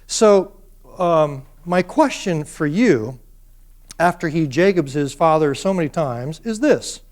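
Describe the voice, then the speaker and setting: A male university lecturer giving a classroom lecture in an animated way, putting questions to his students. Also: fairly high pitch, takes it slowly.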